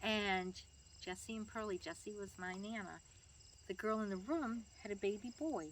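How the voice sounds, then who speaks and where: A woman's voice: medium pitch, normal speed, slight background noise. An older woman, a grandmother, telling family stories in a chatty way, laughing and acting out the people she quotes. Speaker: grandmother being interviewed. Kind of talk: family storytelling interview.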